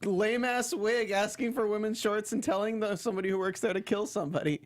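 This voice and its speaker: A man's voice: high voice, steady tone, fast. A man co-hosting a casual TV recap chat, wry and blunt, now and then acting out lines from the show. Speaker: co-host.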